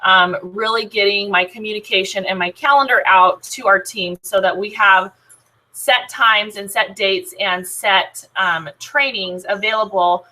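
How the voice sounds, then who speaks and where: A woman's voice: medium pitch, fairly even intonation, measured pace, pushed and bright, poor audio. A woman talking casually to her sales team, upbeat and chatty, with many filler ums and restarts. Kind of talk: casual team training talk.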